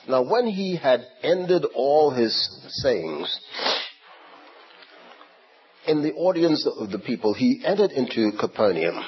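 A man preaching a sermon, retelling a scripture story in a slow, animated way and repeating words as he goes. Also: mid-range voice, a little hiss or hum. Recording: dull lo-fi recording with faint ambience.

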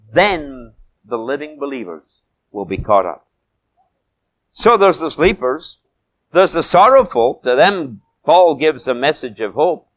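Guy giving a sermon, voice jumps all over, slows way down on the big lines. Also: sing-song, poor audio. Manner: dramatic swings between loud emphatic peaks and soft low asides; slows and stretches key phrases. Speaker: preacher.

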